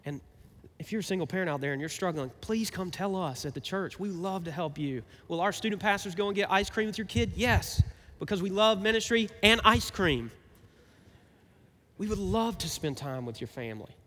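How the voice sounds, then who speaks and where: A man's voice: sits high, expressive, normal speed, a bit bright, long reverb tail. A man preaching a sermon as pastor, talking conversationally and asking his listeners rhetorical questions.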